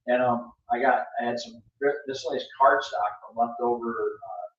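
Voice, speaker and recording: A man's voice: mid-range voice, fairly even intonation, normal speed, fairly bright tone, recorded from a distance. A man hosting a podcast, telling his story in a blunt, emphatic way with lots of restarts. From Florida. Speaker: podcast host. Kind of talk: casual storytelling chat. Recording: echoey room, off-mic, dull sound.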